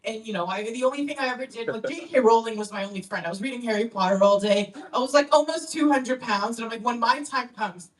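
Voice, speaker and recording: A woman's voice: on the high side, fast, hardly any pauses, distant mic. A young woman from Canada doing a stand-up comedy set in a club, brash and teasing as she works the crowd. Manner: brash, teasing crowd work, lots of "okay?".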